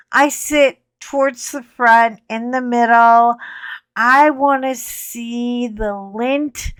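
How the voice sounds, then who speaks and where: A woman's voice: on the high side, fairly bright tone, no echo, clean studio sound. A middle-aged woman hosting a coloring channel, telling a rambling story in a wry, casual way, with mild cursing and frequent "anyway" asides.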